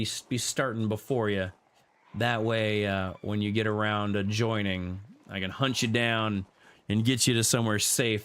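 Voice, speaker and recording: A man streaming a multiplayer game, chatting casually and jokingly, repeating himself and popping into sudden high exclamations. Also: fairly bright tone, smooth. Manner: playful, jokey, repeats himself, jumps into squeaky exclamations. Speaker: gaming streamer. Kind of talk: casual multiplayer gameplay chat.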